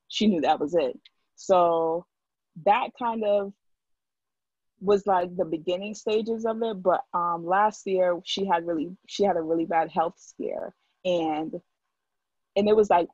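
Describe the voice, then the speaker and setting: Low husky woman chatting casually. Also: darkish tone, dry recording, dull audio. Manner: talkative, heavy use of "like". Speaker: guest. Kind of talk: casual chat.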